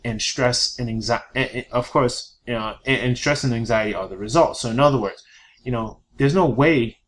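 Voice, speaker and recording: A man's voice: mid-range voice, normal speed, a little hiss or hum. A man presenting a productivity webinar in a casual lecturing style, peppered with "you know" and "right?". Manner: chatty, fillers and tag questions.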